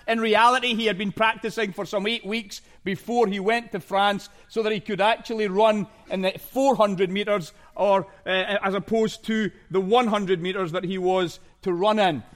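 A middle-aged man from Scotland praying and preaching a sermon in a measured, earnest way. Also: sits high, fairly bright tone. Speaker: pastor. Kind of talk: sermon with prayer.

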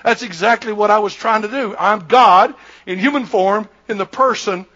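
A man acting out Jesus as a calm, firm, plain-spoken figure in a sermon, a little lower than his own voice. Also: moderate pace, dull audio. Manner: plain-spoken, emphatic, colloquial.

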